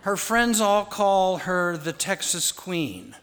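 A man telling fond, gently humorous family stories in a sermon. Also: high-pitched, sing-song, takes it slowly, slight background noise. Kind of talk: anecdotal storytelling sermon. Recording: long hall reverb.

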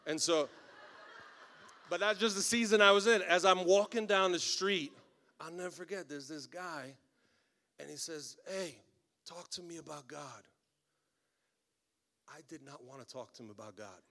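Animated male pastor, slightly high voice. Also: moderate pace. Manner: animated storytelling with humorous asides. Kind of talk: sermon.

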